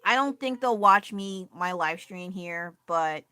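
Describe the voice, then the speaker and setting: A woman's voice: lowish voice, animated, measured pace, pushed and bright, smooth, no echo. A woman chatting casually on a livestream from home, ranting with frequent laughs and swearing. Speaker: livestreamer and painter. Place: at home with her child nearby.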